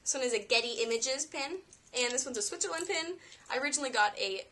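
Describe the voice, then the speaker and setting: A woman's voice: high-pitched, fast, pushed and bright. A young woman vlogging casually, showing off her collection in a chatty, enthusiastic way with playful asides. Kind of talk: casual show-and-tell vlog.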